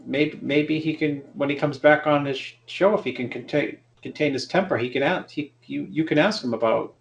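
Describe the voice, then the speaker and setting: A man's voice: a little high, moderate pace, creaky, roomy sound, dull audio, slight background noise. A man co-hosting a show, chatting casually and prodding his partner with teasing interjections. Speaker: co-host. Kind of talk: casual chat.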